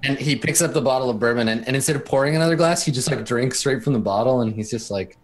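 A man's voice: medium pitch, quick pace, few pauses. A man narrating as game master in a tabletop game, talking casually with lots of fillers. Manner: casual, full of fillers, laughs often.

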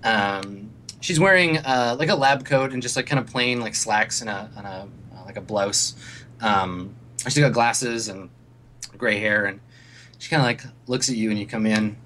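A man's voice: fairly low pitch, normal speed, a bit bright, a little hiss or hum. A man narrating as game master of a tabletop game, in a rambling, casual way full of fillers.

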